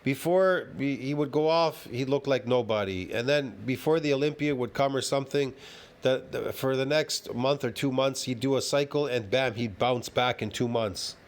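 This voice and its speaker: A man's voice: medium pitch, moderate pace. A man ranting heatedly and profanely as he reacts to a fitness video, repeating himself and swearing often.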